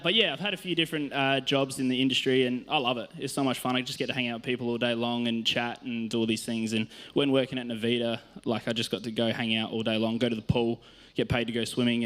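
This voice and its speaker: A man's voice: medium pitch, level tone, fast, fairly bright tone. An Australian man, a youth worker, telling stories in a casual sermon on a church stage, chatty and self-mocking, laughing often.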